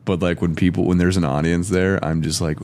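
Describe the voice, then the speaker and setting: A young man, a comedian guest, chatting casually on a podcast in a dry, deadpan, low-energy way. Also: brisk.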